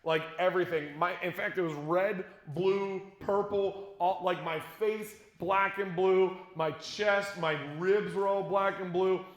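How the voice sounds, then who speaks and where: Animated high-voiced male youth speaker. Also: a little slow, few pauses, lo-fi sound. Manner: animated, jokey storyteller. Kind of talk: storytelling youth talk to middle schoolers. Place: church conference room with an audience. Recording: echoey room.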